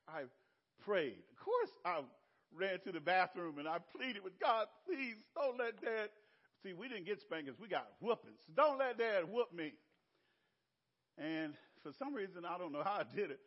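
An older man with a Southern American accent preaching a sermon, telling stories with laughter and big swings between loud and soft. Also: sits high, animated, normal speed, breathy edge, dull audio. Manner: storytelling with laughter and sweeping shifts in loudness. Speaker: pastor.

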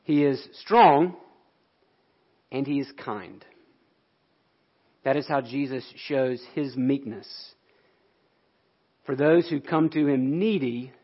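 A man's voice: mid-range voice, husky, highs cut off. A man pastor delivering a sermon in an earnest, explanatory way.

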